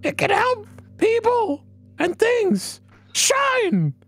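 A man voicing a sparkly, cheerful female fairy helper in a high, squeaky falsetto, slow and sing-song. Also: wildly swooping pitch, creaky, fairly bright tone, soft background music, heavily acted. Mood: sugary.

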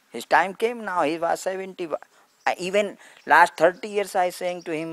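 A man's voice: a little high, fairly quick, fairly bright tone, no echo. Man telling a story in simple English. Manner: simple broken English, short repeated phrases. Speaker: spiritual teacher. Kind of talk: satsang talk to a gathering.

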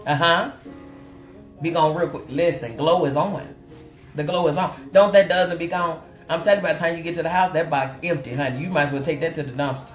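A woman's voice: deep voice, brisk. A woman from Oklahoma hosting a makeup livestream, chatting in a sassy, playful way and calling out to viewers by name. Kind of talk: casual livestream chat with viewers. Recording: roomy sound with faint music.

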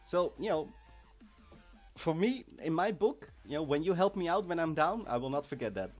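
A man hosting a live game stream in a casual, chatty way. His voice sits a little high and swings widely in pitch as he gets excited. Faint music plays behind him. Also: normal speed. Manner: lively, chatty, excitable with bursts of shouting. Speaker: livestream host of an online game event.

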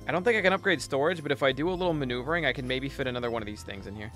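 A man's voice: mid-range voice, racing, a bit bright, faint music behind. A young man streaming a game, chatting casually and telling a profane story while reading chat.

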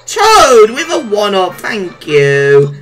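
A woman giving gameplay commentary, exclaiming and reacting loudly to what happens in the game. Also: mid-range voice, huge pitch swings, slow, faint music behind. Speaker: let's play gamer.

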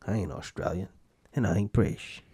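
Low-voiced man, casual podcast host, rambling self-mocking rant, dry close sound. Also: animated, normal speed, warm tone, slightly rough, dry recording. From United States. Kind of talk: casual solo podcast monologue.

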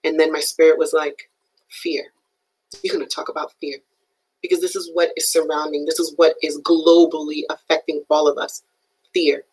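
Husky-voiced woman giving an animated motivational talk. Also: sits low, low-quality recording. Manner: emphatic, animated, keeps checking in with "right?". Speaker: motivational speaker. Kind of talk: live-streamed motivational talk.

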